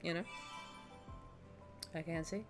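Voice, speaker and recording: A woman's voice: slow pace, soft background music. A woman live-streaming her gacha pulls, chatting with her viewers, cooing at game characters and shrieking in mock protest, swearing freely. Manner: playful, coos at game characters.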